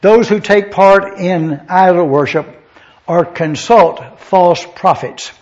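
Male preacher teaching scripture point by point in a fairly high voice; muffled lo-fi recording. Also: slow, darkish tone. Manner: methodical, spells out Greek words letter by letter. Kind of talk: Bible-study sermon. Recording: dull lo-fi sound.

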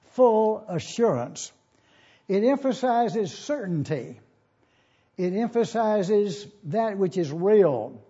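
Man, pastor teaching a sermon, high voice, very dark and husky tone, slow deliberate spelling-out, dull lo-fi recording. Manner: slow, deliberate, spells out Greek words letter by letter.

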